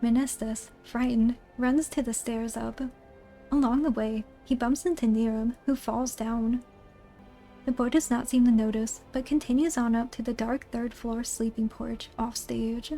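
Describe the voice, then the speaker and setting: Gravelly woman reading a spooky play. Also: on the high side, fairly even intonation, measured pace, mellow, faint music behind. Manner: plain storybook narration. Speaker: narrator.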